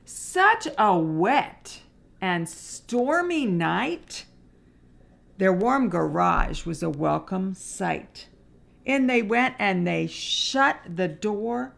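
Preschool teacher, storytime read-aloud, very slow and gentle, some vocal fry. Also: female voice, medium pitch, animated. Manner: gentle, explaining pages to little ones. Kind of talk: reading a picture book aloud to children.

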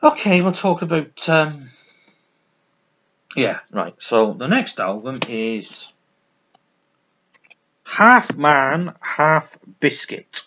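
A man's voice: mid-range voice, animated, takes it slowly, pauses often, a bit bright, dull audio. Rambling, sweary man. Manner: rambling, sweary, many restarts. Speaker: music vlogger. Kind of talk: casual record review.

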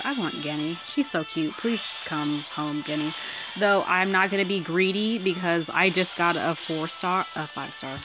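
A woman giving casual commentary while pulling characters in a mobile game, excitable and swearing freely, swinging from squeals to mutters. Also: mid-range voice. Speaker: mobile game summoning vlogger.

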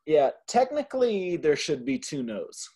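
A man's voice: on the high side, big pitch swings, unhurried, warm tone, husky. A man tutoring a Spanish class, explaining grammar patiently in a casual way. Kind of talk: online tutoring session.

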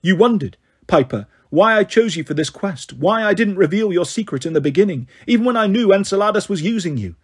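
A scornful, regal queen goddess from a storybook reading , voiced by a man. The voice is husky and sits fairly high, commanding and cold. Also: expressive, brisk, few pauses, full character voice. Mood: haughty. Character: haughty imperious queen goddess, female, ancient.

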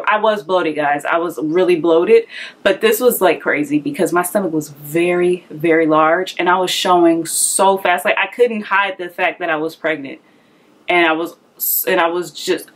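A woman's voice: on the low side, unhurried. A young woman telling a personal story in a candid, conversational way, a little out of breath, acting out the voices she quotes. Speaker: vlogger.

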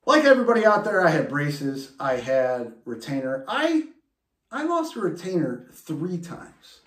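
A man hosting a podcast and telling a personal story in an animated way, with restarts and laughs. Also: fairly high pitch, a little slow, echoey room. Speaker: podcast host. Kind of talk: storytelling monologue.

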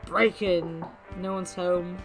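A woman's voice: lowish voice, steady tone, slow, over music, rough recording. Woman streamer reading game text aloud. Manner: reads game dialogue aloud between offhand remarks. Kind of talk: casual gameplay commentary.

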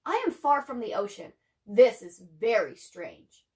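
Woman doing a young girl, brave, curious, bright, earnest, higher voice, storybook reading. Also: big pitch swings, measured pace, far from the mic. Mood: puzzled.

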